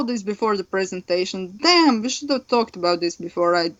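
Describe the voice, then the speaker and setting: A woman's voice: medium pitch, moderate pace, few pauses. A young woman from Croatia speaking English as a second language, chatting casually as a podcast co-host, rambling with lots of fillers and laughs. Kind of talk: casual chat. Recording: dull lo-fi sound.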